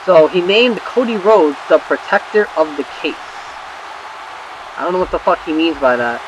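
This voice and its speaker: A young man casually recapping wrestling results while playing a game, rambling and swearing with excitable asides. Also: a little high, normal speed, slight background noise, rough recording. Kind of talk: casual recap over gameplay.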